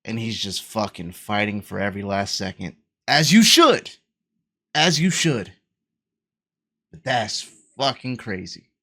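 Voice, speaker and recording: A man's voice: lowish voice, measured pace, a bit bright. A man hosting a reaction video, talking casually and emphatically, with frequent swearing. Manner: emphatic, exclaiming, swears often.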